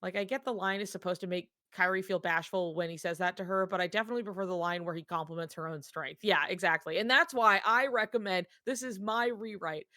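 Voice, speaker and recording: A woman co-hosting a casual fan discussion podcast, talking in a rambling, animated way with lots of filler words. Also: mid-range voice, fast, hardly any pauses, dry recording, studio quality.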